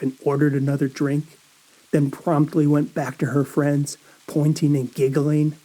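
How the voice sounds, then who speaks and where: Slow, dark-voiced male horror narrator. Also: fairly high pitch. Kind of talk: first-person horror story narration.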